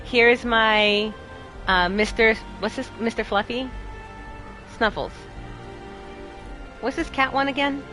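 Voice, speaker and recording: A young woman streaming a game, chatting casually with her chat and a friend, bubbly and quick to laugh. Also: a little high, soft background music. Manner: bubbly, giggly, animated, talks to chat. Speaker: streamer and host. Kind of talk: casual chat while playing a game live.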